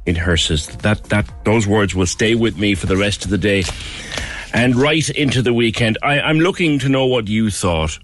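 A man's voice: lowish voice, animated, moderate pace, soft background music. A man hosting a radio phone-in, talking earnestly and repeating phrases for emphasis. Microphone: studio microphone.

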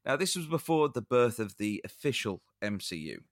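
A man's voice: mid-range voice, sing-song, normal speed, no room sound, clean studio sound. A man hosting a podcast, reading set-up questions with the odd "uh.". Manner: reads set-up questions with filler "uh" and "now". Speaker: podcast host. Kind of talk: scripted interview intro.

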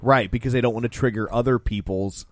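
A man's voice: mid-range voice, fairly even intonation, fast, dry recording, clean studio sound. A man returning as a podcast guest, chatting casually about a film with wry asides and teasing jokes. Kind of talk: casual movie-discussion chat.

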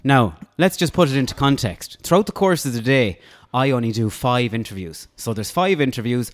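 A man's voice: medium pitch, a little fast, hardly any pauses. An Irish man hosting a podcast, chatting casually in a bar and telling a story with lots of laughter. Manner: animated, laughs while telling stories, acts out quotes. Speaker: podcast host.

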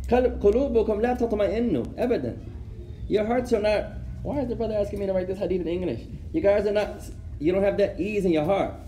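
A man teaches an Islamic studies class, posing rhetorical questions and weaving Arabic phrases into his English. His voice is high and mellow with a little hiss or hum, and the echoey room carries faint ambience.

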